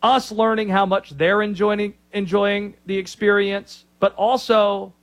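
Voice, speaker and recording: A man's voice: high-pitched, fairly bright tone. A man hosting a sports talk radio show, opinionated and joking.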